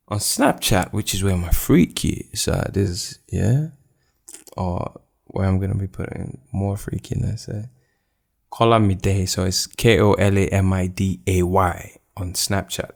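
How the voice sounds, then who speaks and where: A man's voice: low-pitched, gravelly. A man, hosting a solo podcast in a candid, rambling way. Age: 20s. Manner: candid, rambling, thinking aloud. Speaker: podcast host. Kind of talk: casual solo podcast chat.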